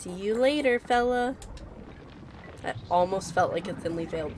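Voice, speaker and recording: A woman's voice: mid-range voice, animated, unhurried, darkish tone, a little hiss or hum. A woman chatting casually and giggling while streaming a video game. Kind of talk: casual live-stream gameplay chat.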